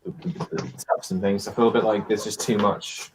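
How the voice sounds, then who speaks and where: A man's voice: fairly low pitch, flat delivery, a little fast, a little hiss or hum. A man chatting casually as co-host, joking and laughing easily. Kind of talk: casual chat.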